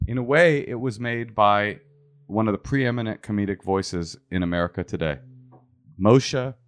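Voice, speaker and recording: A man's voice: lowish voice, moderate pace. A man co-hosting a podcast, chatting casually with a wry, joking manner. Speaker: podcast co-host. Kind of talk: casual comedic chat.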